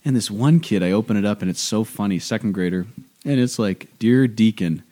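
Brief: young male co-host, low pitch, animated storyteller in casual chat. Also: brisk. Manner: animated storyteller, acts out kids' voices.

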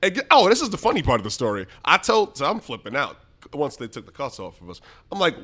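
A young man from the Bronx, telling a story as a podcast guest. He laughs often and acts out his own lines loudly. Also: on the high side, wildly swooping pitch, fast talker. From the Bronx, New York. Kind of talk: animated storytelling.

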